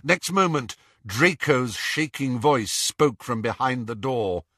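A man narrating an audiobook at an unhurried pace, his pitch rising and falling with lively expression. His voice is bright and forward, and the recording is close and dry with no room sound. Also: no room sound. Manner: expressive, dramatic reading. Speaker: audiobook reader.

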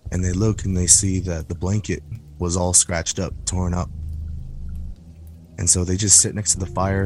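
A man with a very low, darkish voice tells a scary story on a podcast, building suspense slowly and repeating words for effect. Music plays clearly beneath his voice.

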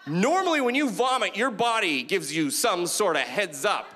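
A man's voice: high-pitched, normal speed, a little hiss or hum. A middle-aged man doing a stand-up comedy set on a club stage, talking animatedly and acting out voices. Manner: animated, acts out voices and quotes. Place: comedy club stage before a live audience.

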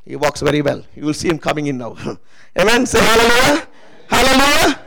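A man's voice: sits high, fairly quick, gravelly, sharp tone, rough recording. A man preaching a sermon testimony, emphatic and calling out to the congregation for responses.

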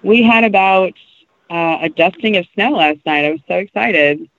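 Upbeat male producer from Indiana, higher voice, dry muffled recording. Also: a bit bright, no room sound. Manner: upbeat, agreeable, quick laughs. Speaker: podcast producer. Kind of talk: casual podcast chat. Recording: dull lo-fi audio, dry.

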